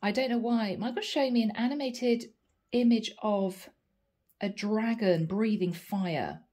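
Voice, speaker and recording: A woman's voice: a little high, unhurried, dark tone. A woman giving a chatty channeled tarot reading, thinking aloud and tentative. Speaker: psychic tarot reader.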